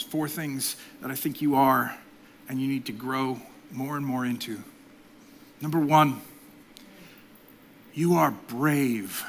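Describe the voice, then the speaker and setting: A man in his forties, a pastor preaching a sermon, swinging between loud emphatic exhortation and soft, intimate delivery. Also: on the high side, a little hiss or hum. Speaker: executive pastor.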